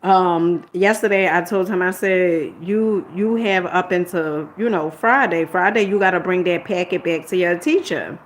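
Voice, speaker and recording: A woman's voice: on the low side, moderate pace, hardly any pauses, a little hiss or hum. A middle-aged woman telling a personal story in a candid, rambling vlog, quoting herself and lecturing in an exasperated motherly way. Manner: rambling and candid, retells arguments and quotes herself. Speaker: vlogger.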